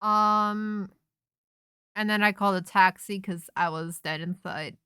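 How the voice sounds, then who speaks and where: A young woman streamer in casual chat, telling a rambling, animated story full of restarts and self-interruptions. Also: mid-range voice, a little slow, clear, resonant tone, no echo, clean studio sound. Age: young adult.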